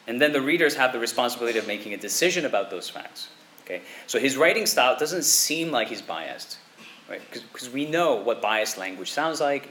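A man preaching a sermon in a conversational way, often checking in with his listeners with a quick "okay?" or "right?". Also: medium pitch, pushed and bright, slight background noise. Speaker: pastor.

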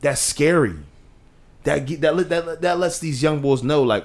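A man co-hosting a casual podcast, talking with passion, rising in pitch to stress points and dropping low to quote others. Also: moderate pace. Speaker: podcast co-host.

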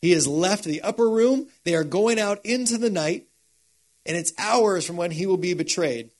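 A pastor preaching a sermon in a casual, animated storytelling way. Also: male voice, high-pitched, moderate pace.

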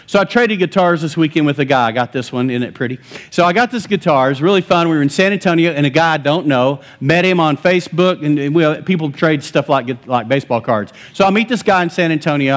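A joyful male pastor preaching a sermon from a church stage, his fairly high voice animated and emphatic. He laughs easily as he speaks, driving each point home with enthusiasm. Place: church sanctuary.

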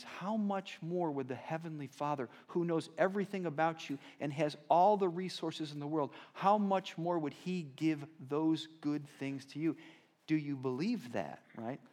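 Man, pastor, sermon, chatty storytelling, loud peaks then soft asides. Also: on the high side. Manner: conversational storytelling, swings between loud and soft.

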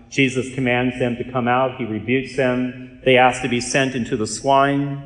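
A man, a Catholic priest and exorcist, giving an earnest, measured storytelling talk with touches of dry humor. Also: medium pitch, level tone, fairly bright tone. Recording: echoey hall reverb.

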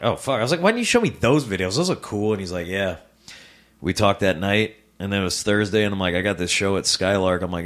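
A man's voice: sits low, fairly bright tone. A man from the American Midwest, a stand-up comedian, telling a personal story as a podcast guest in a living room. He swears a lot and stammers through restarts. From Rock Island, US Midwest. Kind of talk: casual personal storytelling in an interview.

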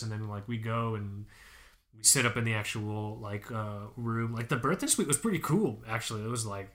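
A young man co-hosting a podcast, telling a personal story in casual chat, animated, laughing often and swearing. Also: medium pitch. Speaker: podcast co-host.

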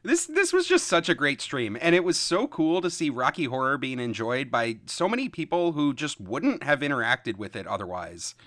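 Lively, enthusiastic man in a dry room. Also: mid-range voice, moderate pace, hardly any pauses, no echo. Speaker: podcast co-host. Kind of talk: casual comedic podcast banter.

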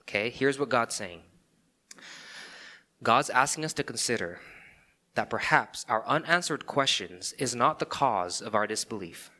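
A male pastor delivering a sermon in a very bright, forceful voice. He speaks with emphasis, asks the listeners rhetorical questions, and keeps checking in with "okay" and "right.". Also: mid-range voice, animated, a little slow, long pauses.

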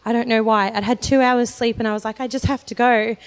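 A woman's voice: a little high, steady tone, a little fast, smooth. Young woman preaching in a reverberant church. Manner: earnest, personal testimony with light laughs. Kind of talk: sermon. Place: church hall. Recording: long hall reverb.

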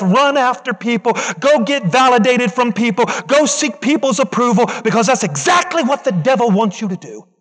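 A man's voice: extremely high pitch, fairly bright tone. A man preaching a sermon with passion, driving points home through rhythmic repetition and calling out to the congregation. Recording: long reverb in a large hall.

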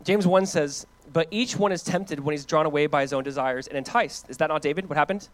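Animated man preaching, dry close sound. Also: fairly high pitch, a little fast, no room sound. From United States. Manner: animated preaching, swings from loud emphatic to hushed and soft; conversational, repeats phrases for emphasis. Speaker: pastor. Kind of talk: sermon.

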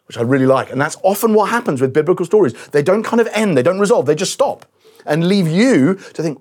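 Middle-aged man, pastor mid-sermon, slightly high and a little breathy, animated storytelling with quiet asides. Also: fast. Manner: animated storytelling, acts out quoted voices, sometimes drops to a quiet voice.

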